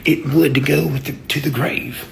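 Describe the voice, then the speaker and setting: A man's voice: a little high, steady tone, moderate pace, creaky, noisy background. A man ranting casually and profanely on a livestream, boastful and laughing often. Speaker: livestream host.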